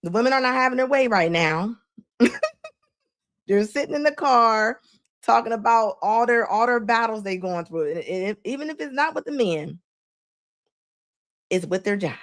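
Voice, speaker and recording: A woman's voice: a little high, expressive, moderate pace, long pauses. A woman hosting a live stream, giving casual reaction commentary with frequent laughs and preachy asides to her viewers.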